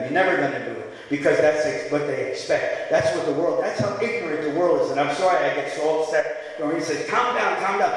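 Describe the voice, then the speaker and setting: A man preaching a sermon as pastor in a church, impassioned, swinging from quiet, gentle stretches to shouting. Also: sits high. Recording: echoey hall.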